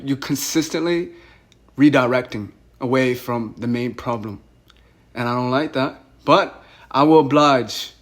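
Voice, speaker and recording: A young man on a phone call, agitated and rambling, who often repeats himself. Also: medium pitch. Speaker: caller.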